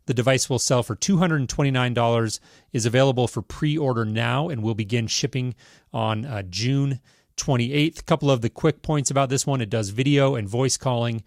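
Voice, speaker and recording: A man hosting a tech podcast, reading a news item and then chatting about it in a measured, casual way. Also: medium pitch, gravelly, no room sound, clean studio sound. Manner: measured, reads news items then riffs. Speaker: podcast host.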